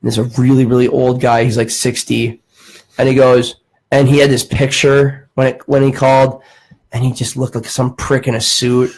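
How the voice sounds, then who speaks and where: A man's voice: medium pitch, normal speed, rough recording. Casual young man telling a work story. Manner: animated, acts out quoted voices, swears casually. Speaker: podcast host.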